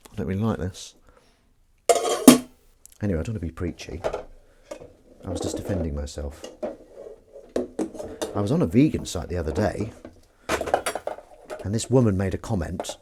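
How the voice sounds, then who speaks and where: A man's voice: low-pitched, very noisy. A man hosting a live stream, chatting casually, joking and playing mock-outrage at the chat's comments. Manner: jokey, rambling, mock-outraged at chat.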